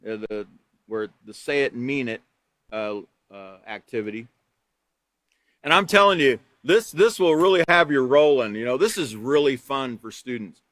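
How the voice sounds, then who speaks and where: Male trainer, slightly high, ringing voice, dry close sound, reads the manual aloud and adds plain examples. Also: no room sound. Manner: reads from a manual, then explains with lively examples. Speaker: teacher trainer. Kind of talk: live online training lesson.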